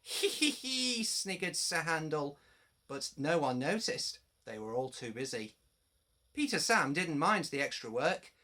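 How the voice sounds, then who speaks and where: A man reading a storybook aloud to young children, addressing them directly. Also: a little high. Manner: slow, animated, addressing children.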